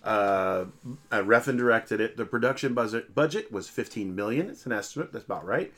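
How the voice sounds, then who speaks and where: A man hosting a film podcast with dry, mock-serious delivery. His pitch moves a lot as he speaks. He sounds relaxed and casual. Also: moderate pace. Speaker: podcast co-host. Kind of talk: casual chat.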